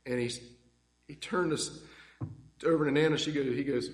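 A man's voice: on the high side, fairly even intonation, moderate pace. Man giving a eulogy. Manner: warm, rambling, fond anecdotes. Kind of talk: heartfelt eulogy storytelling. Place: church. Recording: echoey church hall with long reverb.

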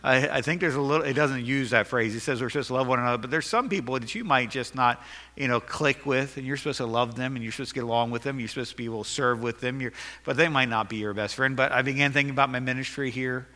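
Sharp-toned preacher man, echoing hall. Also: mid-range voice, quick pace. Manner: earnest, emphatic preaching with self-deprecating jokes. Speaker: pastor. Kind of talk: sermon.

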